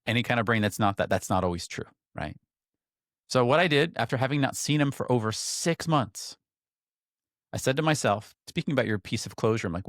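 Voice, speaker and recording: A man in his thirties, co-hosting a podcast, telling a personal story in a lively way and acting out the voices of the people in it. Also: dry recording, clean studio sound. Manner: animated, acts out quoted voices in a higher pitch. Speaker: podcast co-host. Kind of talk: casual storytelling chat.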